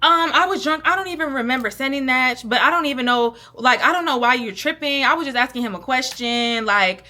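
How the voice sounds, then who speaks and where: A woman's voice: high voice, a little fast, few pauses, bright, forceful tone. A woman voicing a defensive young woman who brushes off blame in a dismissive, evasive way.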